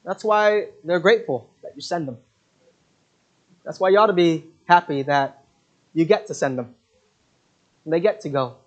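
Earnest preacher guy, kinda high voice, halting with lots of uhs, muffled dull recording. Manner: earnest, halting, with many fillers. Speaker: preacher, mission speaker. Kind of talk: sermon with storytelling.

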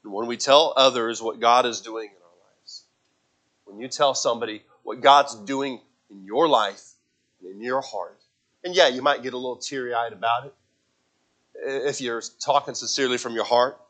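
A man preaching as a youth pastor, earnest and halting, often restarting and repeating words before building to emphatic appeals. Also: medium pitch, a bit bright. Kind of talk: sermon.

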